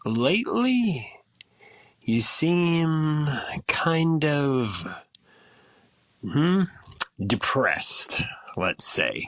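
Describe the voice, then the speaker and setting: A man voicing his own inner self calling in to his podcast, with a slow, hesitant drawl full of sighs and pauses. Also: on the high side, sing-song, fairly bright tone, no echo, full character voice. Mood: probing.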